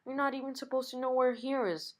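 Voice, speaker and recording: A woman's voice: high-pitched, fairly even intonation, a little fast, pitched above the performer's own voice, close to an everyday voice. Woman reading as an exasperated plant villainess, scolding, comic book read-aloud.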